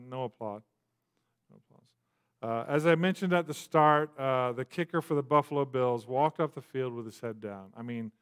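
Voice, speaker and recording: A man preaching a sermon in a relaxed, conversational way, full of asides and fillers. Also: medium pitch, smooth. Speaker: pastor. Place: church.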